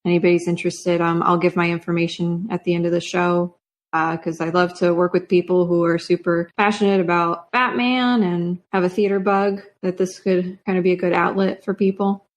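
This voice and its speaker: A woman's voice: lowish voice, level tone, brisk. Chatty woman guest. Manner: chatty, uses fillers. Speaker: guest writer. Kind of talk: casual chat.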